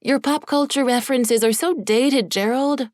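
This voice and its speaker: A woman's voice: high voice, normal speed, darkish tone, no room sound, clean studio sound, pitched above the performer's own voice, close to an everyday voice. A woman doing a bossy, insistent young woman. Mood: teasing. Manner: teasing, insistent.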